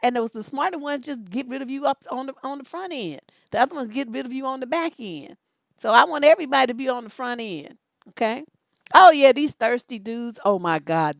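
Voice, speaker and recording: Woman, relationship coach, sassy and profane, high voice, dry close sound. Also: creaky, dry recording. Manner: profane, sassy storytelling with mocking impressions. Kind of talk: blunt sermon-style monologue.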